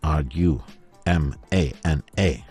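A man's voice: a bass voice, takes it slowly, darkish tone, breathy edge, soft background music. A man hosting a live morning radio show from the studio, chatting casually and reading out listener messages, with a slight lisp. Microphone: studio microphone.

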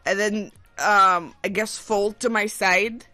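A woman's voice: mid-range voice, steady tone, slow pace, bright, forceful tone, no echo. A woman co-hosting a radio show in casual chat, hesitant and playful, often repeating her words. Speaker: radio co-host.

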